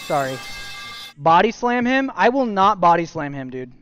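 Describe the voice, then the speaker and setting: A man's voice: on the high side, normal speed, soft background music. A young man streaming, giving casual joking commentary as he rates viewers' gaming setups, often saying "dude" and "bro". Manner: jokey, animated, says "dude" and "bro" a lot.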